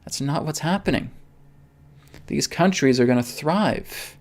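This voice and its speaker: A man's voice: a little high, animated, a little slow, a little mellow. A man hosting a live spiritual stream, talking emphatically and tagging his points with "okay?". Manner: emphatic, repeats "okay?" often. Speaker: spiritual reader and host.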